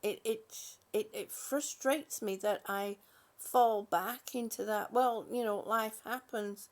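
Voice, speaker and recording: A fairly high-pitched older woman with fairly even intonation takes her time hosting a live stream. Warm-hearted and talkative, she reads her viewers' comments with many ums and restarts.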